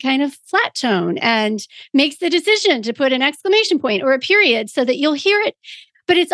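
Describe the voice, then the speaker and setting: A woman's voice: high-pitched, fairly bright tone, no room sound. A woman co-hosting a podcast, chatting enthusiastically and laughing often. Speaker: podcast co-host. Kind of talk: casual chat.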